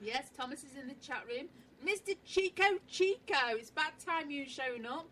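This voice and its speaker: A woman's voice: high-pitched, lively intonation, normal speed, a bit bright, no echo. An English woman co-hosting a casual chat show, teasing cheekily and laughing often. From England. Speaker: co-host.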